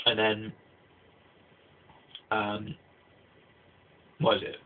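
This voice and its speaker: Husky low-voiced man rambling through a review. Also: completely flat delivery, very slow, pauses often. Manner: rambling, many restarts and "like" fillers. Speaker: anime reviewer. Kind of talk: casual spoken review. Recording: tinny phone-like low-quality audio.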